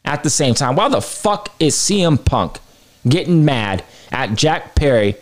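A man hosting a wrestling podcast, delivering a heated, profane opinion rant that swings between low mutters and high outbursts. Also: big pitch swings, measured pace. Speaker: podcast host.

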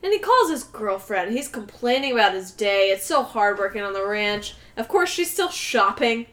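A young adult woman co-hosting a casual chat, retelling a movie in lively detail and acting out the characters' lines. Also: mid-range voice, moderate pace. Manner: lively storyteller who acts out the characters' lines. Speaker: podcast co-host.

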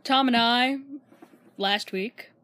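A woman's voice: a little high, slow pace, a bit bright, dry recording, studio quality. A young woman chatting casually as a podcast co-host, laughing often and sometimes losing her thread. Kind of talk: casual chat.

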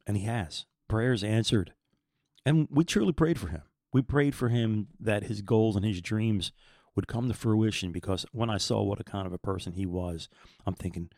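Middle-aged man, 50s, low voice, dry recording; earnest, rambling podcast host who stumbles over repeated words. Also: normal speed, darkish tone, dry recording. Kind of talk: personal faith talk.

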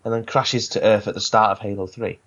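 A man co-hosting a podcast in casual chat, retelling scenes in a relaxed storytelling way. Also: on the low side, a little fast, highs cut off, slight background noise. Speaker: podcast co-host.

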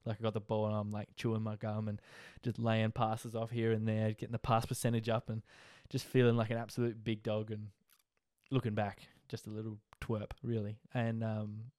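A man's voice: lowish voice, completely flat delivery, moderate pace, darkish tone, no echo, clean studio sound. A young Australian man casually telling his life story as a podcast host, in a rambling, laid-back way. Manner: rambling, laid-back, frequent fillers and laughs.

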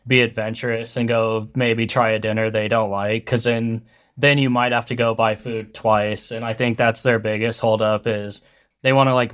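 A young man from Colorado talks casually about his business as an interview guest. His delivery is flat and even, with little rise and fall, and he rambles loosely, leaning on fillers as he thinks aloud. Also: medium pitch. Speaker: food truck owner, guest.

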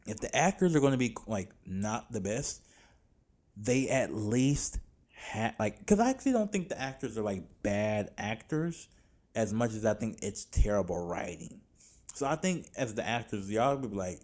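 A man talking loosely and fast in a casual podcast rant, slangy and profane. His voice sits at an ordinary middle pitch, and he swings from low muttering to loud outrage. He sounds like a host speaking straight to his listeners. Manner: animated, profane, exasperated, slangy. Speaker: podcast host reviewing films.

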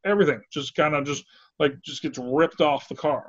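A man spins a story in casual chat, his voice sitting a little high. He acts out the quotes with lively exclamations. The recording is dry and somewhat dull, with a lo-fi edge. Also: a little fast, no echo.

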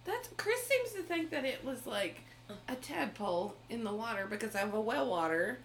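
A woman co-hosting a podcast, telling a story in a casual, animated way with frequent laughs and swearing. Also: on the high side, normal speed, a little hiss or hum. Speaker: podcast co-host.

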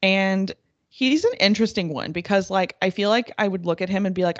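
A woman's voice: mid-range voice, fairly quick, no room sound, dull audio. A woman co-hosting a podcast in casual chat, giggling often and filling her speech with "like". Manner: giggly, lots of "like" fillers. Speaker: podcast co-host.

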